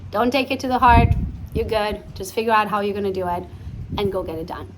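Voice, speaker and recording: A woman's voice: mid-range voice, fast talker, rough recording. A woman hosting her own business vlog, chatting and giving upbeat motivational advice with frequent laughs. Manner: energetic, chatty, laughs often. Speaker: entrepreneur vlog host.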